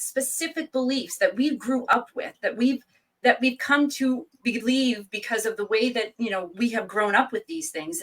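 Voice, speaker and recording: A woman author, a guest from New England, telling stories in a lively, chatty way. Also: a little high, far from the mic, poor audio. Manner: lively storyteller, quick asides. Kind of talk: casual interview chat.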